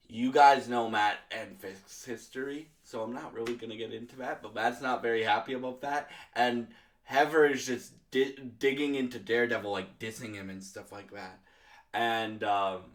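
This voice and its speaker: Young canadian guy talking slow, rambly review, lots of likes and ums. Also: medium pitch. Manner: rambling, lots of fillers and restarts. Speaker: show reviewer. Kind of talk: casual video review.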